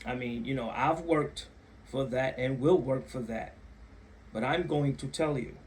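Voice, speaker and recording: A man hosts his own channel, casually telling a story to the camera at a measured pace in a darkish voice, with a little noise in the background. He repeats phrases for emphasis and acts out other people's voices, jumping widely in pitch.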